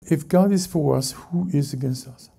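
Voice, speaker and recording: A man preaching a sermon as pastor to a congregation in church, halting and often correcting himself mid-sentence. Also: on the high side, creaky, mellow, breathy edge. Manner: halting, self-correcting preaching with many restarts. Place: church service before a congregation.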